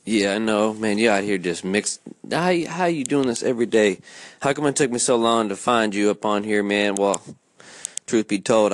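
A man's voice: mid-range voice, animated, normal speed, a bit bright, no room sound. A man hosting a casual show, chatting in slangy banter and rapping in a rhythmic rhyming flow. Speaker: podcast host and freestyle rapper. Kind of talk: casual chat and freestyle rap over a beat. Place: Alaska. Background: hip hop beat.

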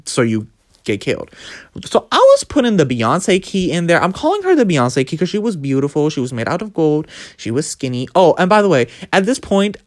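A man's voice: fairly high pitch, fairly quick. A man telling a story about his escape room trip in a casual vlog, dramatic and full of swearing. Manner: animated, profane, dramatic storytelling. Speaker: vlogger.

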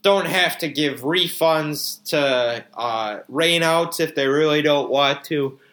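A man's voice: fairly high pitch, slow, a bit bright. A young man in his twenties hosting a casual solo podcast, rambling with lots of fillers and sarcastic grumbling while yawning now and then. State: yawning, a bit drowsy. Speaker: podcast host.

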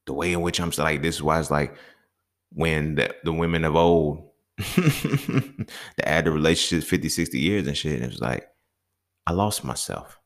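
Man, very low voice, solo podcast host, blunt, profane, emphatic rants, checks in with listener. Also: expressive, moderate pace, long pauses. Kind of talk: unscripted solo podcast monologue.

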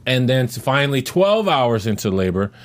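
A middle-aged man in casual chat, telling a story in a rambling, animated way full of fillers and restarts. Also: medium pitch, normal speed. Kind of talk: casual chat reviewing a show.

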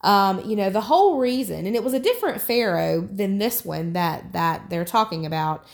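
A woman's voice: medium pitch, animated, moderate pace, vocal fry. A woman hosting a Christian devotional podcast, talking in an earnest, rambling way with frequent restarts and repeated words. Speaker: podcast host.

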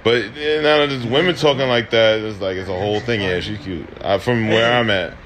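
A man's voice: lowish voice, brisk. Slangy young man ranting casually. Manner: profane, slangy, laughs often, animated. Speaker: podcast host. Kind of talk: casual opinion rant.

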